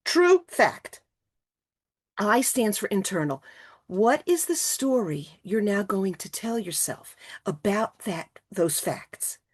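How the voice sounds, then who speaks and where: Lively woman leading a motivational talk. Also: medium pitch, slow, breathy edge. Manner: lively, animated, coaxing the audience with questions. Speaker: speaker presenting to a women's retreat. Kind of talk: motivational talk over video call. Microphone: video call.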